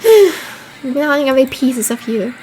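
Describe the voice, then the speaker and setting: High-voiced woman reading a horror game. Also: lively intonation, unhurried, darkish tone, a little hiss or hum, rough recording. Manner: reads the game text, then reacts with swearing and laughter. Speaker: streamer playing a horror game. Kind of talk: game playthrough, reading text aloud and reacting.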